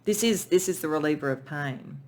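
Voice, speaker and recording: A little fast and at medium pitch, a tearful tarot reader works through a pick-a-pile reading, soft-spoken and spiritual, often breaking off and restarting sentences.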